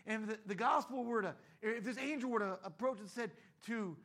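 Husky high-voiced man preaching a sermon. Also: fairly quick, a bit bright. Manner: conversational, acts out voices in quotes. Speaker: pastor.

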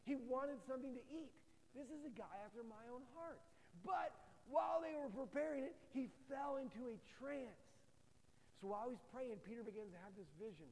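A man with a high-pitched voice preaching a sermon, animated and acting out the people of the scripture story as he reads. His voice rings with the long reverb of a large hall. He speaks to a room full of people. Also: a little fast. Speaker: pastor.

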